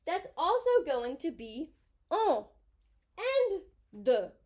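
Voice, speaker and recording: A woman's voice: high-pitched, sing-song, very slow, a little mellow. A woman teaching a French grammar lesson, chatting and thinking aloud as she writes on a board.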